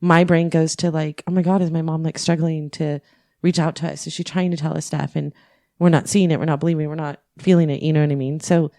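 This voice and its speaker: A woman's voice: sits low, little pitch movement, quick pace, mellow, no room sound, clean studio sound. A middle-aged woman co-hosting a podcast, telling stories in an emotional, candid way and swearing freely. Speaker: podcast co-host. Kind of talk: casual podcast chat.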